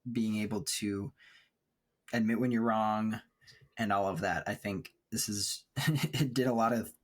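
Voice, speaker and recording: Podcast co-host, male, husky lowish voice, rambling and reflective. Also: a little slow. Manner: thoughtful, rambling, laughs often. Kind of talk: casual chat. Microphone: remote recording setup.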